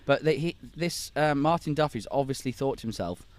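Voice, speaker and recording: A man hosts a true-crime chat at a middling pitch, musing through the case with easy fillers. He sounds relaxed and conversational. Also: a little fast. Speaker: podcast host. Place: a home garden outdoors.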